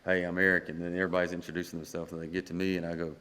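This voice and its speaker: A man's voice: low-pitched, flat delivery, racing, few pauses, fairly bright tone. A man in his thirties, a country singer-songwriter guest, telling a story and acting out the dialogue. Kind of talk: storytelling in a podcast interview.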